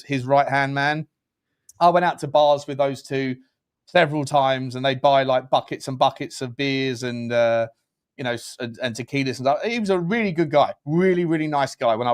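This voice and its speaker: A man's voice: mid-range voice, clear, resonant tone. A man co-hosting a casual football chat show, telling rambling, chatty stories. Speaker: co-host.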